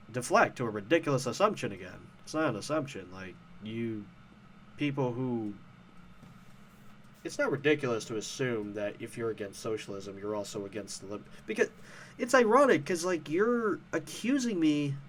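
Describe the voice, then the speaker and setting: A man's voice: mid-range voice, fairly bright tone, slight background noise. A man hosting a casual commentary show, ranting about online arguments in a profane, sarcastic, heated way. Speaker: host.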